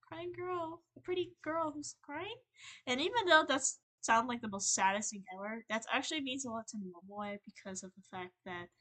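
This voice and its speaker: Bright-voiced young woman venting casually. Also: on the high side. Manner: rambling, halting, with many fillers and restarts; earnest and emotional. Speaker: streamer.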